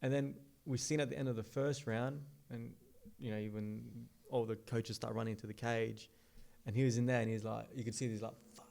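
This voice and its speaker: A man's voice: mid-range voice, steady tone, vocal fry, a little mellow. An Australian man co-hosting a casual podcast, rambling and repeating himself as he recalls the fights. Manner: rambling, halting, repeats words. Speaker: podcast co-host.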